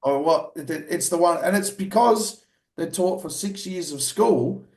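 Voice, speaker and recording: A man's voice: high voice, measured pace, a little mellow, reverberant. An Australian man co-hosting a casual podcast, talking bluntly with plenty of swearing. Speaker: podcast co-host.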